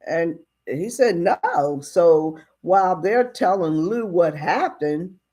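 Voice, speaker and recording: A woman's voice: fairly low pitch, a little mellow. A woman casually retelling a western story in a chatty way, with asides to the listener.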